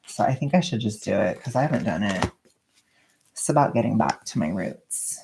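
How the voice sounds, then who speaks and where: A young woman with a strikingly deep voice and a gravelly, fry-heavy edge chats while wrapping presents at home. She rambles along in a quiet, soft-spoken way. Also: animated, moderate pace, slight background noise. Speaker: vlogger. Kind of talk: casual chat while wrapping gifts.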